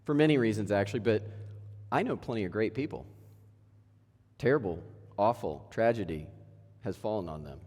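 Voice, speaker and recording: A man's voice: fairly low pitch, animated, moderate pace, long pauses, darkish tone. A man in his thirties preaching a sermon in a church, casual and conversational, full of rhetorical questions. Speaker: pastor. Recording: echoey church hall.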